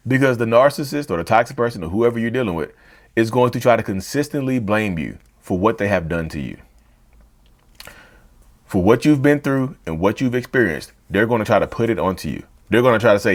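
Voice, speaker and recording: Male host, direct-to-camera talk, animated and repetitive, very lively pitch. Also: a little fast. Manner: animated, repeats and rephrases points; addresses viewers as "y'all". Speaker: mental health channel host.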